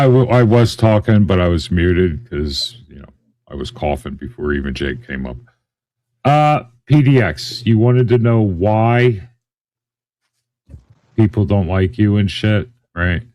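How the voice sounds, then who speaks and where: Brief: man, mid pitch, very animated delivery, blunt and cursing, dry close sound. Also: unhurried, dry recording. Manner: blunt, profane, tells stories with quoted voices. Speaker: panelist. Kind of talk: heated argument.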